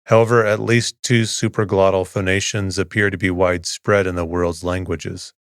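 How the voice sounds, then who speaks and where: Deep-voiced man reading slowly. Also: flat delivery, no echo, clean studio sound. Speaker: sleep podcast host. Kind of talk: slow monotone sleep-story reading.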